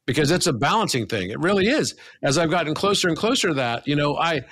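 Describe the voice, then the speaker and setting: Higher-voiced man, earnest podcast guest. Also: a bit bright. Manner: earnest, emphatic, swears casually. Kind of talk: reflective conversational talk.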